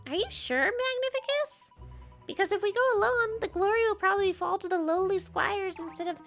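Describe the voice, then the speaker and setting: A woman's voice: extremely high pitch, a little fast, fairly bright tone, soft background music. A woman voicing a perky, teasing little winged fairy companion in a fantasy game. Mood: chirpy. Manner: chirpy, upbeat, teasing.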